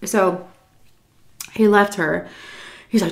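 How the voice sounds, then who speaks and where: A young woman vlogger casually telling a story, animated and swearing, acting out quotes loudly. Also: on the low side, unhurried, long pauses.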